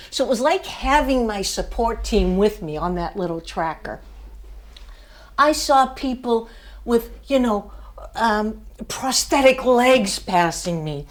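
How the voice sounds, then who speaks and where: Slow, higher-voiced older woman telling a story. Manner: storytelling, emphatic, laughs at herself. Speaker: student speaker. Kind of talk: motivational speech to a class.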